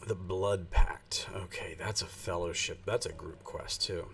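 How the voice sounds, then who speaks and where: A man's voice: low voice, fairly even intonation, unhurried, vocal fry, fairly bright tone. A man streaming a game, chatting casually and rambling with lots of fillers as he thinks aloud. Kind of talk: casual live-stream gaming chat. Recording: voice distant from the mic.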